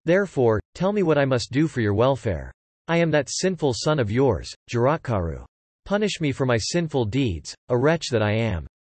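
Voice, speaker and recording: A man's voice: mid-range voice, sing-song, moderate pace, darkish tone, no echo. A man voicing a remorseful male ascetic sage in a read-aloud epic, speaking in solemn archaic phrasing. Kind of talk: scripted epic narration.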